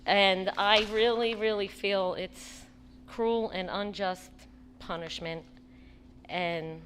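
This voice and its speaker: A woman who is a parent giving an impassioned, pleading public comment at a school board meeting, often halting and restarting. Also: fairly low pitch, steady tone, a bit bright, slight background noise.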